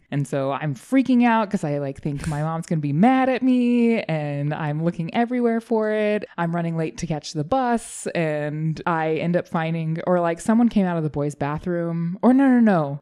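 A woman co-hosting a casual chat podcast, talking in a rambling way with many fillers and quick self-corrections. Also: low voice, darkish tone, smooth. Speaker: podcast co-host.

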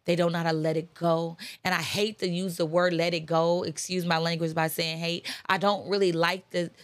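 A woman's voice: lowish voice, level tone, moderate pace, no echo. A woman giving an impassioned motivational talk, repeating phrases in a preacher-like, conversational way with casual slang. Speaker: motivational speaker.

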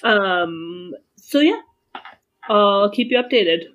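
A woman plays in a tabletop game, speaking in a mid-pitched voice with a casual, halting manner and plenty of ums. She sounds relaxed and unhurried. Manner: casual, hesitant, many fillers. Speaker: player.

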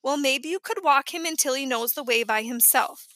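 A woman reading an audiobook, voicing a patient, gentle but firm mother. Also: high-pitched, moderate pace, dry recording.

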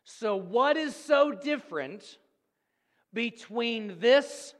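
A man preaching a sermon as pastor, earnest and storytelling, swinging between loud and hushed. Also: very high voice, expressive, extremely slow, long reverb tail.

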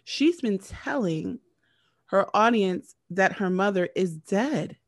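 A woman's voice: medium pitch, animated, slow pace. A woman casually recapping a TV show, rambling with lots of fillers and restarts.

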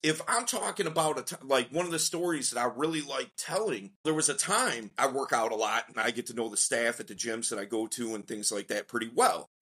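A man, a dating coach on a podcast, telling a story in a casual, slangy way and acting out the quotes with lively energy. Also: mid-range voice, fairly quick, few pauses, breathy edge. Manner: animated, slangy storyteller who acts out quotes.

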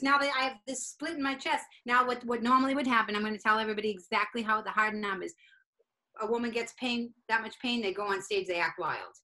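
A woman comedian telling a story in casual chat, animated and profane, acting out each side of it. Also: a little high, fast. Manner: animated, profane, acts out both sides of a story. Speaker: stand-up comedian, guest.

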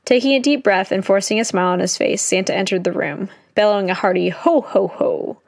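A woman's voice: mid-range voice, quick pace, no echo. Chatty young female storyteller reading aloud with jokey asides, dry recording. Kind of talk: casual read-aloud storytelling.

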